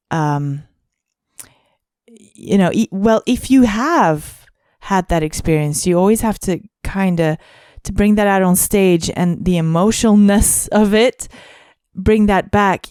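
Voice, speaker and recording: A woman's voice: lowish voice, darkish tone, clear, resonant tone, dry recording, studio quality. A woman co-hosting a podcast, musing aloud in casual chat and often searching for words. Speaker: podcast co-host.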